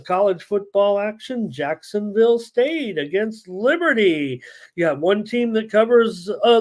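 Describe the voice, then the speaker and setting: High-voiced man hosting a betting stream. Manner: casual, frequent "uh" fillers, reads chat aloud. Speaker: sports betting show host. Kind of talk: live-stream sports betting talk.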